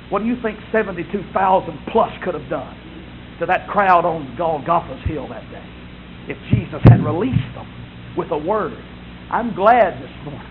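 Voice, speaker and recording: A man preaching a sermon, building to loud impassioned peaks and then dropping to soft, quiet lines. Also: high voice, a little hiss or hum. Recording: dull lo-fi sound with faint ambience.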